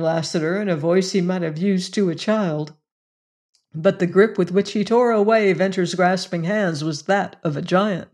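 A woman narrating a novel as an audiobook reader, in a measured, expressive reading. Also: on the low side. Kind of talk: scripted narration.

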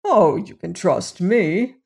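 A reader voicing a suave, menacing aristocratic Cossack general in an audiobook, with courtly, unhurried, drawn-out phrasing. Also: mid-range voice, animated, creaky, a little mellow. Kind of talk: audiobook character reading.

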